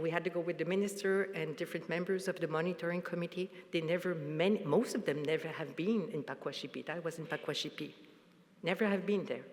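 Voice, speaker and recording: A woman giving a conference presentation, speaking haltingly with frequent restarts. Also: sits low. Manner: halting, restarts, light laughs. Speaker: panel presenter. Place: large conference hall. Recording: long hall reverb.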